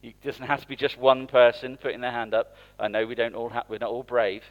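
A man's voice: medium pitch, level tone, brisk, highs cut off. A man preaching in church, speaking conversationally and asking the congregation questions. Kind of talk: interactive sermon.

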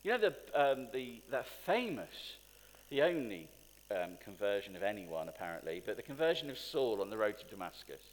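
A man's voice: fairly low pitch, normal speed, a little hiss or hum. A man preaching a sermon to a congregation, asking them questions and building to emphatic points. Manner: animated, rising to emphatic peaks, asks the congregation questions. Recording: long hall reverb.

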